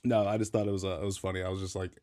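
A relaxed man with a fairly low voice, rambling through a story in casual podcast chat. He talks loosely, with lots of fillers and cursing. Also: very fast. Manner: laid-back storyteller, loose with fillers and swearing. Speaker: podcast co-host.

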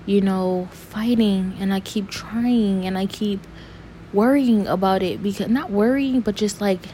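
A young woman talking to camera in an earnest, saddened personal monologue, halting and restarting as she searches for words. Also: medium pitch, mellow, a little hiss or hum. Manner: rambling, halting, full of restarts and fillers.

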